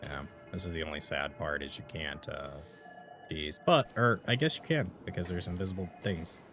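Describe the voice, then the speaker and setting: A man's voice: sits low, moderate pace, a bit bright, soft background music. A man casually commenting on his gameplay during a live stream, chatting with viewers between moves. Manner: casual, chatty, talks to chat while playing.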